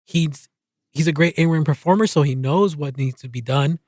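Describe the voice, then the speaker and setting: A man's voice: fairly high pitch, darkish tone, no room sound, studio quality. A man co-hosting a casual podcast, talking earnestly with frequent halts and restarts. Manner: halting, many restarts, earnest. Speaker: podcast co-host.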